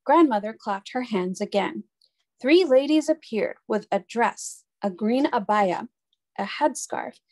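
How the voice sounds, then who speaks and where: A woman reading a children's storybook aloud in an expressive, clear storytelling voice. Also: fairly high pitch.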